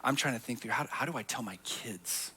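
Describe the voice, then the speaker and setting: A man preaching a sermon as pastor, telling a personal story in an earnest voice that swings from hushed to emphatic. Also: mid-range voice, a little fast, slightly rough.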